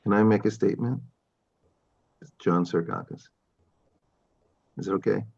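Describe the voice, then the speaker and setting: A man's voice: fairly low pitch, normal speed, gravelly, a little mellow, muffled recording. A man speaking as a landlord at a public hearing over a video call, defensive and repetitive. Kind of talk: public meeting testimony.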